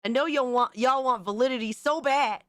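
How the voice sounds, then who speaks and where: A woman hosting a casual livestream, reacting to things in an excitable, slangy, profane way. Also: high-pitched, moderate pace, no echo, clean studio sound. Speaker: livestream host.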